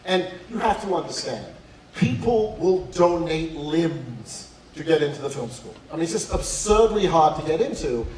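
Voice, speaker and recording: A man giving a talk on college essays at a school event, telling stories in an animated, humorous way. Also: fairly high pitch, moderate pace, slight background noise. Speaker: speaker on college admissions. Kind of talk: talk to students and parents. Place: school hall with audience. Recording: echoey hall from far off.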